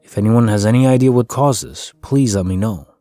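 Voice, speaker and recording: Calm low-voiced man reading sleep stories. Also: a little fast, no room sound, clean studio sound. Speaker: storyteller. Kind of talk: calm scripted sleep-story narration. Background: faint background music.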